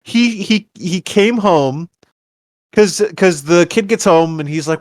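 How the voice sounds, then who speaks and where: A man with a fairly high voice recaps a movie for his co-host, jumping in and out of the characters' lines with plenty of energy. The sound is dry and close to the mic. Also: a little slow, dry recording. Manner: animated retelling, acts out characters' lines. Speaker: podcast co-host. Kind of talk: casual movie review chat.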